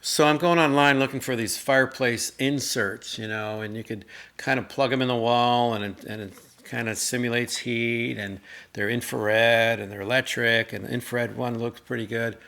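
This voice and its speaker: A middle-aged man co-hosting a casual chat with his mother, telling rambling, animated stories and mimicking voices in them. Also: medium pitch, normal speed, vocal fry. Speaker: co-host.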